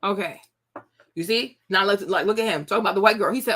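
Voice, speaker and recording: A woman in her thirties hosting a commentary show, talking casually to viewers, animated and repetitive, often laughing. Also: mid-range voice, fast talker.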